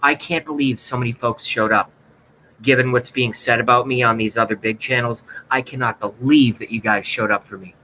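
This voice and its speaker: Sarcastic man with a bright, tense voice. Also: medium pitch, fairly even intonation, normal speed, a little hiss or hum, poor audio. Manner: sarcastic, mock-dramatic. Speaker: livestream host. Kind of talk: sarcastic livestream rant.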